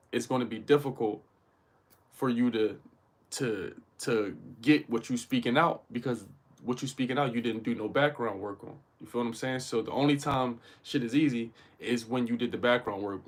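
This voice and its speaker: Guy on a livestream giving a hype talk, lots of slang and cussing, keeps asking if you feel him. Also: mid-range voice. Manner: slangy and profane, keeps checking in with listeners. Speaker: host. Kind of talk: casual livestream motivational talk.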